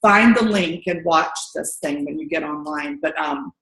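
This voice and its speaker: A middle-aged woman giving an earnest testimonial at a training meeting, telling her story lively and acting out quotes. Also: deep voice, moderate pace, a little hiss or hum. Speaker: distributor sharing a story. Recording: echoey room.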